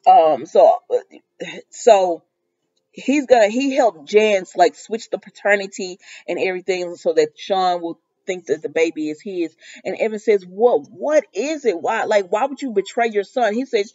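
In a lo-fi recording, a woman with a dark-toned, mid-range, expressive voice casually recaps a soap opera episode at normal speed. She animatedly acts out the characters' lines and laughs often along the way.

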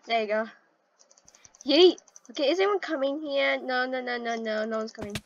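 A young woman commentating casually while playing an online game, chatty and excitable, breaking into panicked yells. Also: high voice, normal speed, muffled recording, a little hiss or hum. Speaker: gaming channel host.

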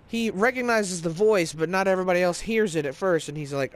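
A man's voice: sits high, brisk. A man telling a long story in a casual, rambling way, full of fillers and restarts. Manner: rambling, conversational, lots of fillers. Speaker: gaming video narrator. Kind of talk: casual storytelling over gameplay.

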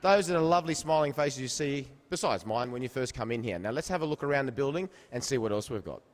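A man's voice: medium pitch, animated, quick pace. A middle-aged Australian man presenting a jokey behind-the-scenes studio tour, bantering and teasing his guests. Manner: cheeky, bantering, self-mocking.

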